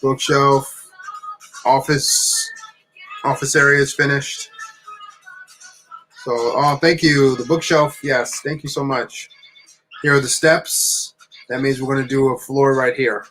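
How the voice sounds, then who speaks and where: A man from New Jersey telling a story in a chatty, animated vlog style. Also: mid-range voice, takes it slowly, long pauses, soft background music, poor audio. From New Jersey, USA. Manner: chatty, animated, frequent fillers. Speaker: vlogger and LEGO builder.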